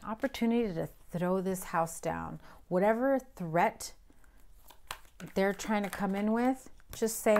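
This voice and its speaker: A woman's voice: mid-range voice, a little slow, darkish tone, slight background noise. A woman giving a casual tarot reading, talking bluntly and emphatically with frequent swearing. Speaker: tarot reader.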